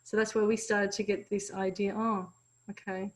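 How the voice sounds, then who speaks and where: A woman's voice: mid-range voice, little pitch movement, a little fast, rough recording. A woman co-teaching a parenting course, sharing stories from home and laughing between points.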